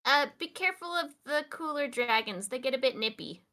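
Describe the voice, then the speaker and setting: Young female party organizer, hesitant and friendly, bright voice, done by a woman. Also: high-pitched, animated, brisk. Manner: hesitant, filler-heavy.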